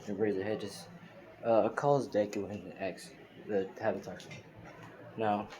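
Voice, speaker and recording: A man's voice: fairly low pitch, flat delivery, moderate pace. A man narrating a fan-made story in a loose, rambling way with many fillers. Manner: loose, filler-heavy retelling. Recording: noisy screen-recorded phone audio.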